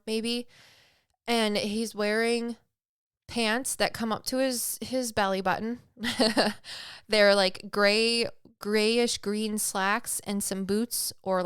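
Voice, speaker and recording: Chatty, very smooth-voiced woman podcast host. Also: medium pitch, fairly bright tone, no room sound, studio quality. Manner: chatty and rambling, many fillers and light laughs. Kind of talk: casual podcast chat reading listener stories.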